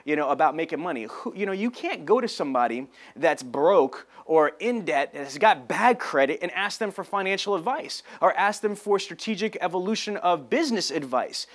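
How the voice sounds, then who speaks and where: A man giving a motivational business talk, loud and emphatic, acting out dialogue as he tells a story. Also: sits high, animated, moderate pace, few pauses. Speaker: sales trainer.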